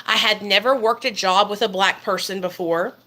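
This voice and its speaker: A woman's voice: medium pitch, fairly even intonation, normal speed, sharp tone. A woman, telling a story to her viewers in a profane, emphatic way. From Arkansas, USA. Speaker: vlogger. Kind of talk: casual storytime monologue.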